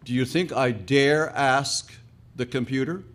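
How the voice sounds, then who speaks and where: A man's voice: medium pitch, measured pace, fairly bright tone, lightly acted. A man voicing a humble father who stammers through his doubts in a told joke. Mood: hesitant. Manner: hesitant, stammering. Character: humble older father, man of faith, unsure.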